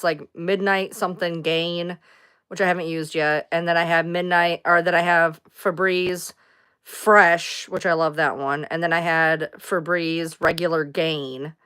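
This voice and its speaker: A woman with a lowish, smooth, clear voice chats casually on her livestream. She rambles from one thing to the next, responds to viewers' comments and drops the odd swear word. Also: fairly bright tone. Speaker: livestream host.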